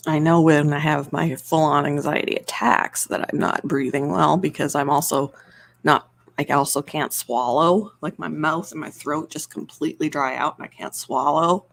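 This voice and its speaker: A woman's voice: deep voice, steady tone, normal speed, creaky. A woman hosting an ASMR live stream, chatting casually and rambling, laughing often into a close microphone.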